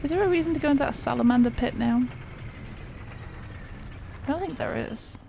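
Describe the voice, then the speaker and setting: A woman's voice: high voice, a little fast, creaky, background noise. A woman giving casual, jokey commentary while playing a video game, laughing often. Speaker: gaming streamer.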